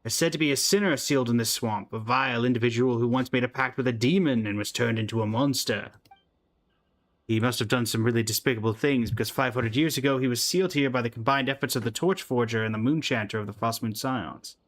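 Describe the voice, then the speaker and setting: A man's voice: medium pitch, fast talker, natural voice. A man voicing a weary wounded guard. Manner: put-on accent, tired, steady. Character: wounded male lantern guard, weary but stubborn.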